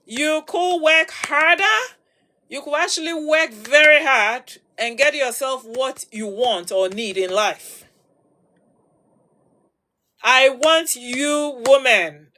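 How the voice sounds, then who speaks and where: A woman with a high, bright voice speaks straight to her followers as a livestream host. She lectures in an emphatic, preachy way and hammers her points by repeating words. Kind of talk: advice talk to followers.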